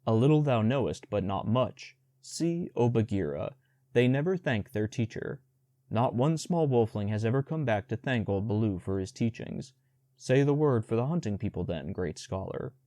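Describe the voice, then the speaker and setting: Baloo is an old, gruff male bear from a storybook, lecturing slowly and earnestly, as a male reader puts him on. His voice sits low and mellow. The recording is dry and close. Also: lively intonation, dry recording, lightly acted. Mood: stern scolding. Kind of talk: storybook audiobook reading.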